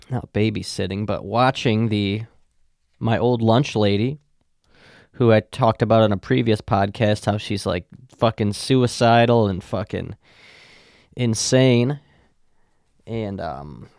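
A young man hosting a podcast who tells rambling, profane stories in a deadpan, casual way. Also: medium pitch, no echo, studio quality. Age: young adult. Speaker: podcast host. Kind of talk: casual storytelling.

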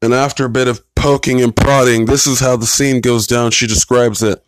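A man's voice: mid-range voice, level tone, moderate pace. A man with an ordinary mid-range voice talks loosely through a TV episode, blunt and profane as he recaps the scenes. His voice sounds dry and close, with no room echo. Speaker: TV episode reviewer. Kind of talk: casual rambling commentary.

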